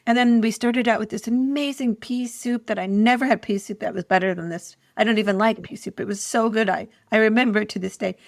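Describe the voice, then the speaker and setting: Podcast co-host, woman, fairly high and dry-miked, giggly, self-deprecating storyteller. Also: steady tone, fairly quick, vocal fry, hardly any pauses, dry recording. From Ireland. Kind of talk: casual chat.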